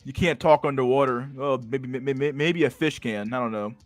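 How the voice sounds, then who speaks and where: A man's voice: medium pitch, normal speed, faint music behind. A man hosting a casual livestream, rambling crudely and swearing as he reacts to memes. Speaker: livestream host.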